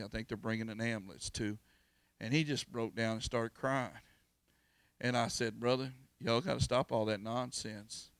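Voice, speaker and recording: A man's voice: medium pitch, no echo. A man, preaching in a folksy, earnest way and telling a personal story. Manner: folksy, earnest, repeats words and restarts. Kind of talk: informal storytelling sermon.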